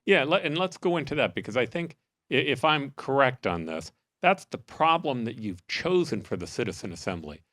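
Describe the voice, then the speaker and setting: A man's voice: medium pitch, vocal fry, no echo, studio quality. A man hosting a podcast, giving an earnest, upbeat intro and then interviewing his guests. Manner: earnest, patriotic, animated. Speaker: podcast host.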